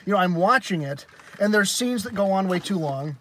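High bright male reviewer, faint hiss. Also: expressive, fairly quick. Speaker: film reviewer, editor. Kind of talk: casual chat.

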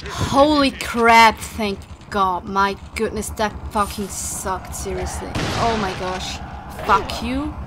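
A woman's voice: medium pitch, slow pace, background noise. A young woman commentating her video game play casually, frustrated and swearing often at the game. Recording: game music behind the voice.

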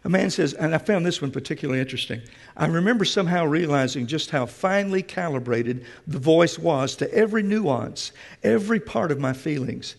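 A man's voice: fairly high pitch, expressive, fairly quick, gravelly. A man preaching a sermon, emphatic and speaking straight to the congregation in a church. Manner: emphatic, addresses the congregation directly. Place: church sanctuary. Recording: long reverb of a church hall.

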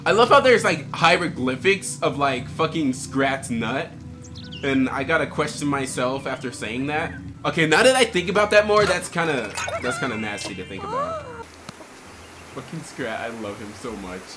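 A man's voice: a little high, wildly swooping pitch, normal speed, soft background music. Sarcastic young man ranting over a game. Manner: profane, sarcastic, bursts into shouting and laughter. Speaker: gaming commentator. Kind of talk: comedic gameplay commentary.

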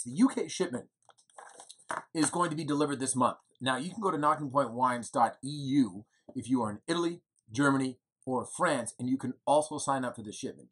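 A man in his thirties who co-owns a winery rambles chattily in an evening video update from indoors at home, with fillers and self-deprecating jokes. His mid-range voice is fairly bright, with a breathy edge.

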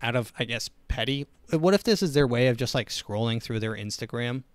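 A man's voice: medium pitch, lively intonation, fairly quick, dry recording. A young man hosting a comedy podcast, rambling through opinionated, sarcastic riffs in a casual monologue. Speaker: podcast host.

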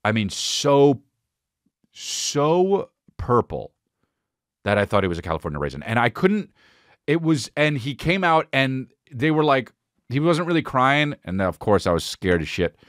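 A man hosting a podcast, telling a comic story in an animated, rambling, profane way. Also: mid-range voice, unhurried, no echo, clean studio sound. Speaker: podcast host.

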